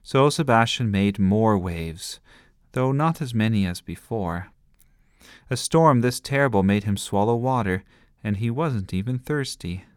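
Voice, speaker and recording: A man reading a bedtime story aloud in a gentle, lively storytelling manner. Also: on the low side, measured pace, smooth, no echo, clean studio sound.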